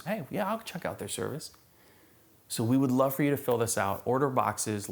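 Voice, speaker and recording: Lebhafter Prediger, Mann, Gemeindegottesdienst. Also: male voice, on the low side, creaky. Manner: conversational, animated preaching with humor. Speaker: pastor. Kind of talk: sermon.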